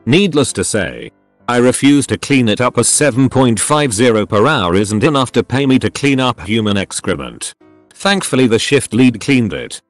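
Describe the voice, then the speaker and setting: A man's voice: mid-range voice, very animated, normal speed, no room sound. A man narrating online stories aloud in a plain storytelling delivery. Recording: dry close recording with faint background music.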